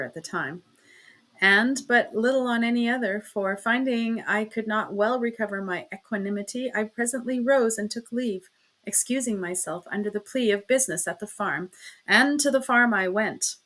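A woman narrating a classic novel in an expressive, measured audiobook reading. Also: mid-range voice. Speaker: audiobook reader. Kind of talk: scripted narration.

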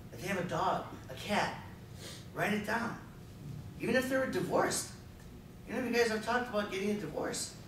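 A man giving a jokey talk on sales to a live audience, lively and slipping into silly voices. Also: a little high. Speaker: sales speaker. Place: room with an audience. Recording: echoey room from a distance, faint noise.

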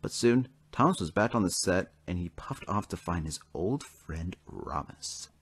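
Husky man narrating a storybook. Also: low voice, unhurried, no echo. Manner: animated, storytelling.

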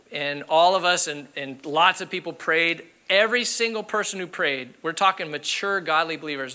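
A man's voice: fairly high pitch, bright, forceful tone. A man, a pastor, preaching a sermon in an earnest, candid storytelling way, repeating key phrases for emphasis. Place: church sanctuary.

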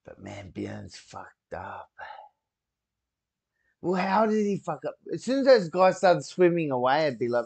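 A man hosting a reaction video, talking casually and excitably and swearing freely as he comments. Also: a little high, unhurried, creaky.

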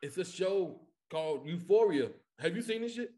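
Male comedian guest from Chicago; high-pitched, animated, profane storyteller. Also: moderate pace. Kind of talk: casual podcast chat.

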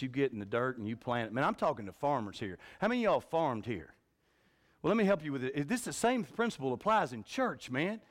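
A man preaching a revival sermon in a church, telling folksy stories and swinging from shouts to a hushed voice. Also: mid-range voice. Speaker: pastor. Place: church sanctuary.

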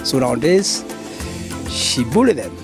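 A man, an animal keeper, explaining outdoors in a halting way with fillers and repeats. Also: mid-range voice, sing-song, music in the background. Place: outdoor wildlife enclosure.

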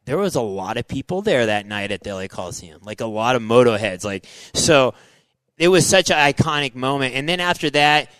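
A middle-aged man, a former motocross racer, telling animated stories as an interview guest, full of "like" and "dude" and acting out his own past thoughts. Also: medium pitch, a little fast, dry recording, low-quality recording. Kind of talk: animated storytelling in casual interview.

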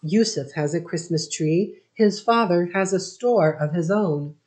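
A woman's voice: fairly low pitch, measured pace, a little mellow, natural voice. A woman reading the part of a dignified, courteous immigrant father who speaks in formal, ceremonious phrases. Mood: gentle.

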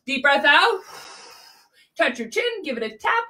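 A woman teaching a children's yoga class in an animated, playful, sing-song way. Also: high-pitched, a little slow, recorded from a distance.

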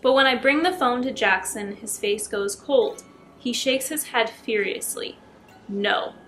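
A woman YouTuber reading short scary stories aloud in a chatty, expressive way. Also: fairly high pitch, measured pace, faint music behind. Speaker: YouTube storyteller.

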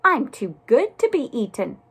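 A woman voicing a boastful male cookie that brags slowly and proudly about being special, read as a storybook character. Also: on the high side, huge pitch swings, gravelly, fairly bright tone, breathy edge, pitched above the performer's own voice, heavily acted. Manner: proud, drawn-out bragging.

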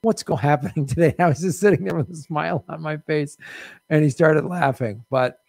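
A man's voice: on the high side, normal speed, vocal fry, darkish tone, no room sound, clean studio sound. A man hosting a comedy quiz show, telling a road-trip story with lots of laughter. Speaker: game show host. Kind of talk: casual comedy podcast chat.

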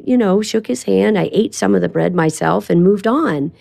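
An older woman talks as an interview guest, spinning anecdotes in a loose, chatty way. She slips into quoted lines as she tells them, and her delivery stays expressive. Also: medium pitch, normal speed, creaky. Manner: animated storytelling with quoted asides. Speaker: guest, voice actress. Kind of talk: casual interview chat.

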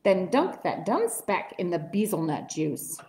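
A woman voicing a rowdy gang of bullying monkeys in a read-aloud storybook, shouting and jeering. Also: lowish voice, big pitch swings, measured pace, pitched below the performer's own voice. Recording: echoey room.

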